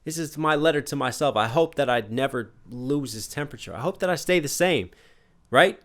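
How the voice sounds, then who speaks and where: A man reacting to a music video as a rapper, thinking aloud in casual commentary that swings between musing and sudden excited outbursts, tired but animated. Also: a little high, a little fast. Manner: thoughtful, breaks down lyrics, exclaims in bursts.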